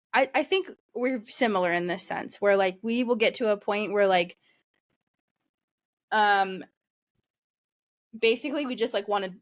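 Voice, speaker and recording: A young woman co-hosting a podcast, chatting casually with many fillers and frequent laughter. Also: medium pitch. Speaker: podcast co-host. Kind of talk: casual chat.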